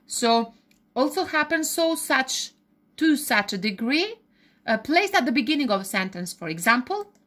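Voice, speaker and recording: A woman teaching English grammar. Her voice sits slightly high, and she explains step by step. She keeps checking with "okay?" and restarts her sentences as she goes. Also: very animated, moderate pace, a bit bright. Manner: frequent restarts and self-corrections. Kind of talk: grammar lesson.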